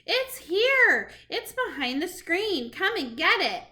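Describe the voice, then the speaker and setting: A woman's voice: sing-song, extremely slow, fairly bright tone, heavily acted. A woman voicing a group of disgusted female witches crying out shrilly in a storybook reading. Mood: shrill. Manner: shrill cries.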